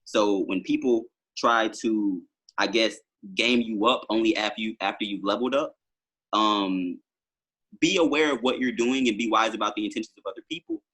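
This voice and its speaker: Male musician guest, husky and forceful, lowish voice, rambling casual storyteller. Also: normal speed. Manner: rambling storytelling with many fillers. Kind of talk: casual podcast conversation.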